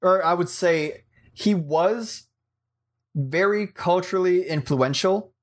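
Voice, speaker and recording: Higher-voiced man giving measured film opinions. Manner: measured, weighs his opinions with "I think". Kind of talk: casual film discussion.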